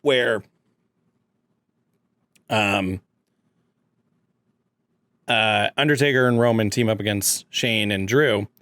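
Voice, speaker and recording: A man's voice: fairly low pitch, steady tone, takes it slowly, pauses often, fairly bright tone, dry recording. A man co-hosting a casual chat, rambling and laughing as he brainstorms storylines. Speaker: podcast co-host.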